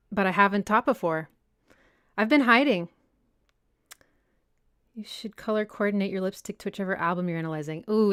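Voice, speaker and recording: Reading out viewers' comments and responding in a relaxed, talkative way, a young music analysis host runs a casual livestream Q&A about music. Her voice is mid-range, fairly bright, and clean. The sound is studio quality from a personal desk mic, with no room sound.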